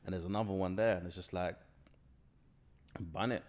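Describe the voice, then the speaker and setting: A man's voice: sits low, fairly even intonation, moderate pace, a little mellow. A young man from South London with a London accent, chatting casually as an interview guest, rambling and slangy with lots of restarts. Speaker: guest filmmaker.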